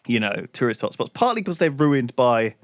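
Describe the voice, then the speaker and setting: Young dude rambling thru a story, lively voice, dry close mic. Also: male voice, medium pitch, normal speed, dry recording. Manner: rambling, full of "like" and restarts. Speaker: podcast co-host telling a travel story. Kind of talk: casual podcast chat.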